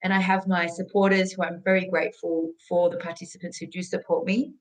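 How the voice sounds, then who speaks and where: A woman's voice: fairly low pitch, level tone, fairly quick, rough recording. A woman with an Australian accent, a fitness instructor speaking earnestly and emotionally in a candid personal vlog. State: tearful, emotional.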